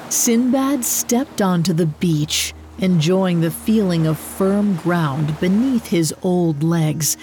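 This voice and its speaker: A woman reading a scripted story in a measured, expressive narrating voice. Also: lowish voice.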